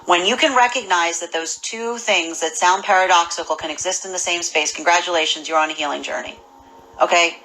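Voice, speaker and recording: A woman giving a casual spoken tarot reading, animated and full of restarts and repeated words. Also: lowish voice, brisk, a little hiss or hum, poor audio. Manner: acts out imagined people's voices. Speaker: tarot reader.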